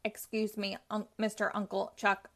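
A woman reading the part of a polite, timid old robot built from scrap, speaking a little louder than her narration. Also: medium pitch, monotone, normal speed, lightly acted. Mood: earnest, polite. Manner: polite, respectful speech.

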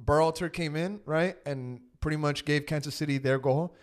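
A man hosting a casual soccer podcast, animated and leading the talk with casual swearing. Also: a little high, moderate pace, clear, resonant tone. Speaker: podcast host. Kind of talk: casual sports chat.

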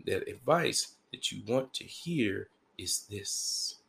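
A man's voice: on the low side, expressive, takes it slowly, gravelly, fairly bright tone, husky. A man hosting a podcast, delivering a crude, joking monologue full of repeated phrases and playful asides. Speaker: podcast host.

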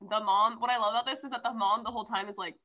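A young woman in casual book chat, her voice bright and a little high. She gushes along in a bubbly way, full of likes and filler words. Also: steady tone, rapid-fire.

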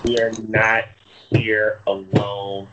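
A man's voice: lowish voice, monotone, slow, highs cut off, noisy background. A man co-hosting a casual podcast over a Skype call, teasing and joking with loose profanity. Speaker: podcast co-host. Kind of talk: casual banter. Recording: uneven call audio.

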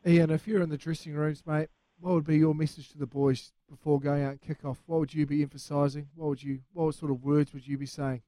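Matey New radio co-host. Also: male voice, on the high side, level tone, brisk, dark tone, dry recording. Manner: friendly, matey questioning. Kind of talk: radio sports talk.

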